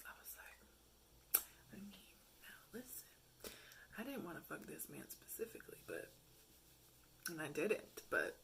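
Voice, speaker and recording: A woman's voice: fairly low pitch, big pitch swings, a little slow, creaky, pauses often, fairly bright tone, in a whisper. A young woman vlogging casually, telling frank, profane stories and mocking messages with bursts of laughter. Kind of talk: casual storytelling to camera.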